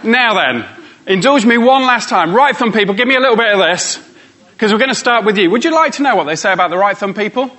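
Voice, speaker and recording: A man running a live workshop, teasing the crowd and coaxing them along. His voice sits high for a man and sounds bright and forward. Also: expressive, fast. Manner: playful, teasing, coaxing the audience. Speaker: motivational speaker. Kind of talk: live workshop talk to an audience.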